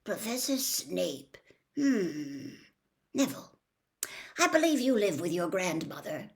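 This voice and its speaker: A woman's voice: on the low side, sing-song, a little slow. A woman reading the part of a kind, patient middle-aged male teacher in a storybook. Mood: patient, kindly. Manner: gentle, patient, encouraging.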